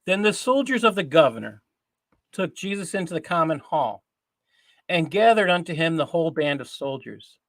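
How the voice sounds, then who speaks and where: Male host, fairly high voice, dry close sound, earnest and deliberate scripture reading. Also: very animated, a bit bright, no room sound. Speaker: host of a Christian news show.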